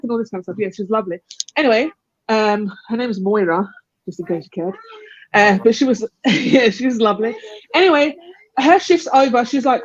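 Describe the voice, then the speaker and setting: Speaking a little fast in a voice on the high side, a young woman on a live panel rambles through a long personal story, laughing frequently and acting out what others said. The recording is dry, and the call audio sounds dull and lo-fi.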